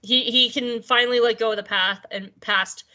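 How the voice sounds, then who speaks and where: A woman's voice: on the high side, steady tone, normal speed, bright, forceful tone, highs cut off. A woman co-hosting a podcast, recapping an episode in a chatty, jokey way. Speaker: podcast co-host.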